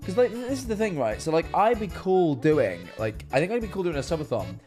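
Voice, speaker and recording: A man's voice: on the high side, sing-song, fairly quick, darkish tone, soft background music. A young man with an English accent, a streamer chatting casually and telling rambling jokes with many restarts. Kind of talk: casual chat.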